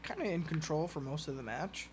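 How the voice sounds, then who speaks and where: A man co-hosts a casual watch-along podcast, calling holds and kicks as they happen with a joking ease. His voice sits a little high for a man. Light hiss runs under the recording. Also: expressive, fairly quick. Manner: laid-back, joking, calls moves as they happen. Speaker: podcast co-host.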